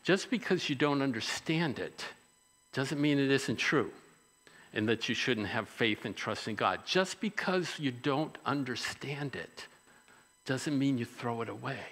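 Male pastor, mid-range voice, bright and forceful, conversational sermon delivery with rhetorical questions, reverberant hall. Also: medium pitch, lively intonation, measured pace.

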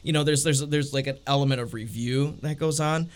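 A man hosting a casual panel chat, talking in a relaxed, rambling way with lots of fillers. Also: mid-range voice, fairly quick. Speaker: host.

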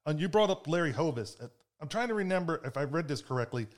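A man in casual conversation, asking measured, thoughtful questions. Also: a little high, animated. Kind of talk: casual chat.

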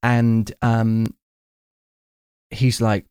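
A man's voice: fairly low pitch, little pitch movement, measured pace, vocal fry, mellow, clear, resonant tone, no echo, studio quality. A man hosting a casual film chat, enthusiastically retelling scenes at length.

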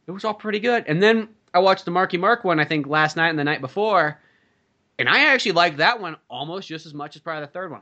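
A man's voice: a little high, muffled recording. A man co-hosting a podcast, ranting about movies in casual chat with lots of swearing. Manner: profane, animated movie ranting. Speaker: podcast co-host.

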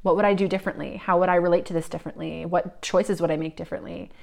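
A woman giving a psychic reading, talking in a searching, meandering way with many fillers, often drifting soft and reflective. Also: lowish voice, fairly even intonation, fast, creaky. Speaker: psychic reader.

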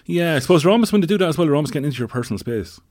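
A man's voice: on the high side, animated, rapid-fire, a little mellow, no echo, studio quality. A man co-hosting a casual chat show, talking conversationally with wry asides and plenty of fillers. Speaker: podcast co-host.

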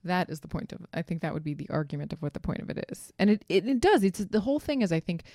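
A woman's voice: lowish voice, very animated, fast talker, dark tone, no room sound, clean studio sound. A woman co-hosting a podcast, chatting and telling stories with lots of "like". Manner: chatty, storytelling, fond of "like". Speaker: podcast co-host. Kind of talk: casual chat.

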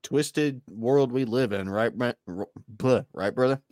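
A man co-hosting a casual podcast chat, joking and teasing the others with quick jabs. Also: mid-range voice, darkish tone, no room sound, studio quality. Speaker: podcast co-host.

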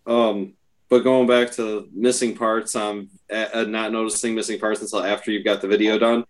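A man's voice: fairly low pitch, level tone, normal speed. Man telling a self-mocking story. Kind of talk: casual chat.

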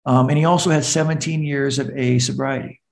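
A man's voice: mid-range voice, fairly even intonation, a little fast, gravelly. A middle-aged man, a recovery coach, earnestly telling his personal story as a podcast guest and acting out the voices of the people in it.

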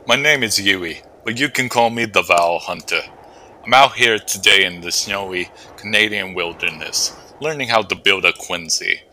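A man's voice: low-pitched, a little hiss or hum, heavily acted. A man doing a zany Australian wilderness presenter. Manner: excitable, rambling tutorial patter. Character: zany male Australian outdoors language presenter.

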